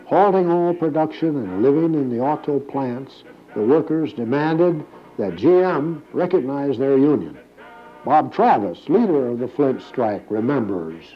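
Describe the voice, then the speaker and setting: A man narrating a documentary from a script in a measured, even way. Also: mid-range voice, dull audio, faint music behind.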